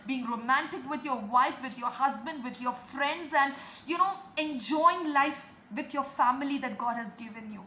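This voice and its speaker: A woman's voice: sits high, pushed and bright, roomy sound, a little hiss or hum. A woman preaching a devotional sermon and prayer to an online audience, with fervent, repetitive exhortation. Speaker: preacher and online video host.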